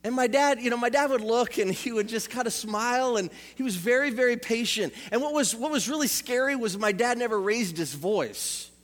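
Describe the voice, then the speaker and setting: A man preaching a sermon, telling family stories with animated acted-out voices and frequent repeated words. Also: extremely high pitch, normal speed, hardly any pauses. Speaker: pastor. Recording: church hall reverb.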